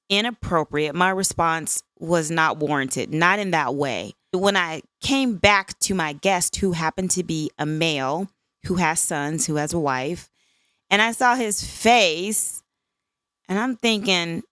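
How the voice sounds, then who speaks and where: Woman, 50s, podcast host: low, smooth voice, dry close sound, candid and conversational. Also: measured pace, fairly bright tone, no room sound. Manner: candid, conversational, frequent "right?" asides. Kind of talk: solo podcast reflection.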